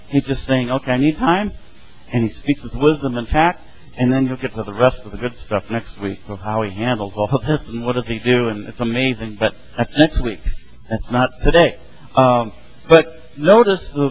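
A man's voice: mid-range voice, low-quality recording. A middle-aged man teaching a casual Bible study, talking conversationally and acting out the voices of the people in his stories. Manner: conversational, acts out quoted voices.

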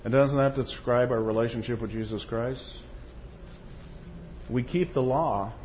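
A man delivers a sermon in a storytelling way, moving between quotations and anecdotes. He checks in with his listeners as he goes. The recording sounds a bit dull, with a faint hum of noise underneath. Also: mid-range voice. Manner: storytelling, frequent "okay?" and "Amen?" check-ins. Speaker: preacher.

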